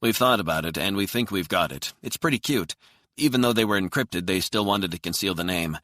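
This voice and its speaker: A man voicing a male computer forensics expert who speaks briskly and emphatically. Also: low voice, expressive, bright, forceful tone, no room sound, clean studio sound, pitched above the performer's own voice. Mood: urgent.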